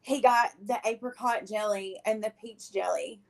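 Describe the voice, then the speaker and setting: Podcast guest: woman, slightly high voice, casual and animated storytelling. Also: moderate pace, creaky. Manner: animated, laughs often, acts out quotes. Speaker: guest telling her story.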